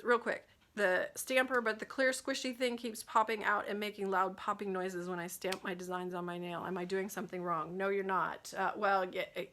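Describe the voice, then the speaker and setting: Gravelly, bright-voiced woman hosting a livestream. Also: mid-range voice, a little hiss or hum. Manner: chatty, many fillers and restarts, reads viewer comments aloud. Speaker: nail care livestream host. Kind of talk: casual livestream chat answering viewer questions.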